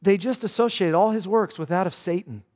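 A man's voice: sits high, brisk, darkish tone, big-room sound. A male pastor preaching a sermon with earnest emphasis, quoting scripture dramatically.

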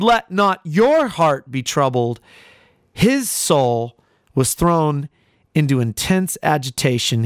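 A man preaching a radio sermon, his slightly raised voice rising and falling with great movement. He leans hard on key phrases, drawing them out slowly and turning to address the listener directly. The sound is close and dry, with no room around it. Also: fairly high pitch, no room sound. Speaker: pastor.

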